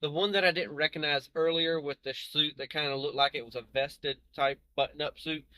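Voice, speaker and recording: A man's voice: on the high side, sharp tone, smooth, no room sound. A man hosting a reaction video, talking casually to viewers in a rambling, self-correcting way with chuckles. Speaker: reaction channel host.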